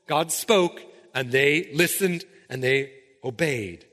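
Bright, forceful preacher in reverberant hall. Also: male voice, on the high side, slow. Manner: emphatic, keeps asking "right?". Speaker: pastor. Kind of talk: sermon.

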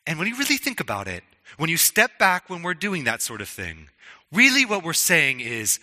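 A man's voice: on the high side, huge pitch swings, normal speed, sharp tone, in a large hall. A man preaching a sermon in an earnest, conversational way, often restarting his words. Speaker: pastor.

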